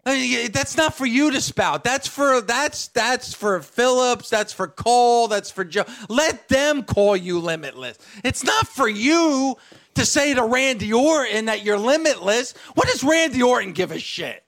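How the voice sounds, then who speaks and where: High, gravelly man ranting animatedly. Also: unhurried. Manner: animated, ranting, laughs often. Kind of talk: casual wrestling talk.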